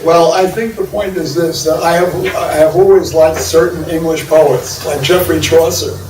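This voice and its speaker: A man's voice: a little high, steady tone, moderate pace, darkish tone. An older man from New York with a New York accent, a poet speaking at a symposium in a meandering, improvised way, full of restarts and wry asides. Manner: digressive, many restarts and fillers, wry laughs. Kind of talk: rambling improvised talk. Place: large echoey university room. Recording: echoey room, far mic, audible hiss.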